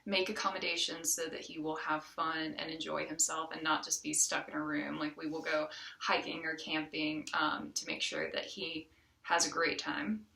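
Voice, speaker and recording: A woman's voice: deep voice, level tone, moderate pace, creaky, pushed and bright, reverberant, far from the mic. Chatty woman with a light Southern accent. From Southern United States. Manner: chatty, with frequent ums and restarts. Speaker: college student. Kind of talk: casual self-introduction.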